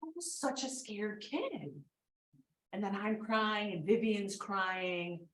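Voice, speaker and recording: A woman performing a profane, confessional comedic story on a theater stage, swinging between loud bursts and hushed asides. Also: medium pitch, expressive, slow pace, reverberant, rough recording. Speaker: solo performer.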